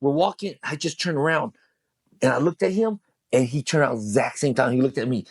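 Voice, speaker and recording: Husky middle-aged man telling stories. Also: medium pitch, brisk, no echo, clean studio sound. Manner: animated, swears, acts out quoted lines in a raised voice. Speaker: podcast guest. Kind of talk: casual storytelling.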